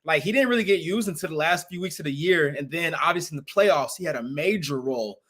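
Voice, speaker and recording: A man's voice: on the high side, animated, fast talker, sharp tone. A young man co-hosting a sports podcast, casual and leaning on filler words. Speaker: podcast co-host.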